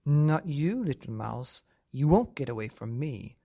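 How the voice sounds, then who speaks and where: A man voicing a fierce, bossy female Gruffalo mother who scolds and boasts, in a storybook tale. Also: mid-range voice, lively intonation, a little slow, dark tone. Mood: gloating.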